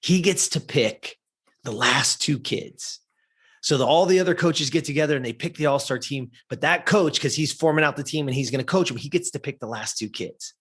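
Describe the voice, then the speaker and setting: A man's voice: a little high, normal speed, a bit bright, slightly rough. A man, a podcast guest, telling an emotional personal story and addressing listeners directly.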